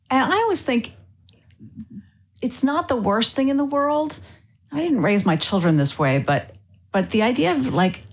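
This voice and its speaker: A woman's voice: mid-range voice, husky. A woman hosting a radio interview, asking questions in a conversational, reflective way. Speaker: radio host.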